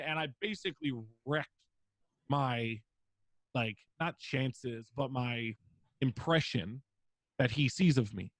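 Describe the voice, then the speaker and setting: A man's voice: medium pitch, takes it slowly. A young man chatting as a guest on a podcast, loose and rambling with plenty of fillers and swearing. His voice sits mid-range and sounds dry and close, with no room echo. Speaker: streamer guest. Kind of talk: casual podcast interview.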